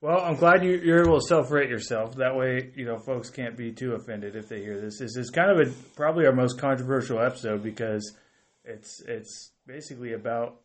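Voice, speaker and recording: A man's voice: medium pitch, fairly quick. Guy hosting a podcast, hedges a lot before he asks stuff, careful about it. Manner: cautious, hedging questions. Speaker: podcast host. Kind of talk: casual podcast interviewing.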